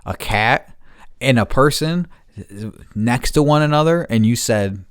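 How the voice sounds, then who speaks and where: A man's voice: mid-range voice, lively intonation, unhurried, smooth, dry recording, studio quality. A man delivering an angry, profane monologue, repeating himself and restarting sentences as he vents. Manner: angry, heavy swearing, repeats words, restarts. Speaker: podcast host.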